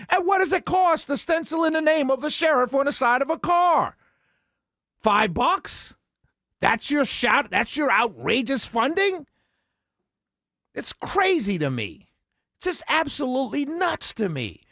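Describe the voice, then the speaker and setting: A man's voice: high-pitched, big pitch swings, a little slow, gravelly, long pauses, fairly bright tone, no echo. A man hosting a radio talk show, ranting passionately and sarcastically into a studio microphone. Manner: heated, sarcastic, laughs between points. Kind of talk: impassioned on-air rant.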